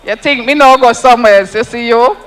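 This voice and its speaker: A man's voice: very high voice, brisk, fairly bright tone, in a large hall, a little hiss or hum, rough recording. A Jamaican man giving an emphatic, rousing campaign speech at an outdoor rally, repeating lines for effect. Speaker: political speaker at a rally.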